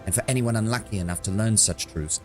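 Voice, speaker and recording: A man reading game dialogue aloud, voicing a sharp-tongued female elf warrior who accuses and scorns. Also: fairly low pitch, quick pace, over music, lightly acted. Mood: scornful.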